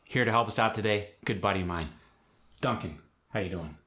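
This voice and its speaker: A man hosting a lesson in an upbeat, brisk presenter manner. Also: on the low side. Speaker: host and accent teacher.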